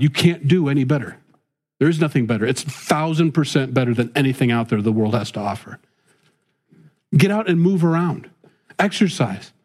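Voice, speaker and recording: Fairly high in pitch yet darkish in tone, this middle-aged man's voice carries a casual, earnest ramble. He's a father and faith-based talk host who restarts often and slides into preaching about faith.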